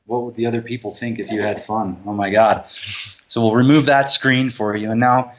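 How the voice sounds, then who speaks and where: A man co-hosting a podcast in casual chat, animated and laughing often as he guides listeners through a laughter exercise. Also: lowish voice, a little fast. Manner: animated, laughs often, retells scenes with raised voice. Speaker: podcast co-host.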